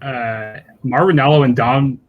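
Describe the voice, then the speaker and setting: Slow-talking man on a podcast. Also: medium pitch, phone-quality sound. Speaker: podcast co-host. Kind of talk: casual chat.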